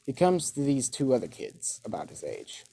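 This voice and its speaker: A man's voice: mid-range voice, huge pitch swings, normal speed, gravelly, warm tone, a little hiss or hum. A man casually improvising a crude fan-fiction story, rambling with lots of filler and laughing at his own jokes.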